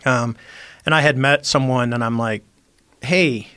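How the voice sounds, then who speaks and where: A man's voice: medium pitch, fairly quick, dry recording. A middle-aged man, a former Navy squadron commander, telling a story as a podcast guest, acting out the quoted dialogue with energy. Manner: animated, acts out quoted dialogue. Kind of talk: conversational storytelling. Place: podcast studio.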